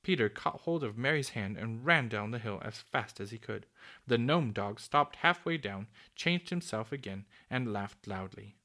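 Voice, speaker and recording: A man reading a children's story aloud, steady with small slips and restarts. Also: on the low side, moderate pace. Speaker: narrator.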